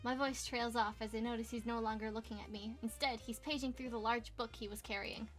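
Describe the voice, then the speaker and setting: A young woman reading a game's story aloud in a casual let's play, dropping playful asides. Her voice sits high. Faint background music plays. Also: steady tone, fairly bright tone. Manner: playful, quick asides and exclamations. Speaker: gamer reading a visual novel aloud.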